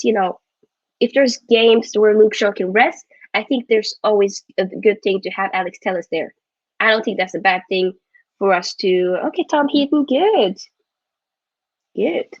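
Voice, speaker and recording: A woman's voice: on the high side, a little mellow, no room sound, muffled recording. A woman hosting a live football watchalong, chatting casually and rambling, often correcting herself mid-sentence. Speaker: football vlogger host.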